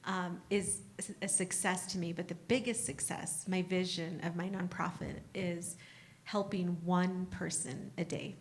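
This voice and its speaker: A woman on a live university panel with a low, even voice. She speaks in a measured, steady way as a nonprofit founder.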